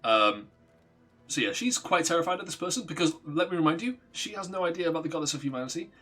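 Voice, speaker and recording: A man's voice: fairly high pitch, animated, quick pace, bright, forceful tone. A man streaming a game, telling a story in a rambling, casual way, swearing and laughing often. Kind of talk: casual story narration while gaming.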